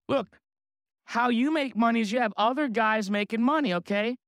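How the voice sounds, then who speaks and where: Clear-voiced boastful male sales trainer. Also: high-pitched, no room sound, clean studio sound. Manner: boastful, energetic, asks the crowd questions. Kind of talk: motivational seminar talk to an audience.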